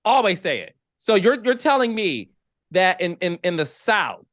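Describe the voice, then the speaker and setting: A man from the American Midwest hosting an interview podcast, emphatic and animated, repeating words as he presses his points in casual chat. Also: high voice, normal speed, dry recording, studio quality. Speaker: podcast host.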